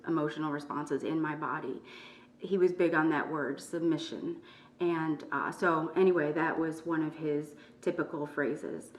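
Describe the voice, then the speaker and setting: A middle-aged woman hosting her own channel, speaking softly and in a measured, strained way while telling her story and reading from her book. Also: low voice, roomy sound, distant mic. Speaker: YouTube channel host. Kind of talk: personal testimony, partly reading from her book.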